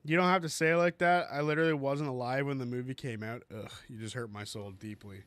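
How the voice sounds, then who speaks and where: A man's voice: mid-range voice, fairly even intonation, fast, a bit bright, dry recording. A young man playing a video game, reading dialogue choices aloud and joking with a lot of swearing. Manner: profane, joking. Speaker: gamer streamer. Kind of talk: casual gameplay commentary, reading dialogue aloud.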